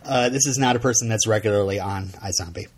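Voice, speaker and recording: A middle-aged man from Vermont, co-hosting a podcast and telling a story in casual chat, animated and laughing often. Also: on the low side, fast talker, slightly rough. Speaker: podcast co-host.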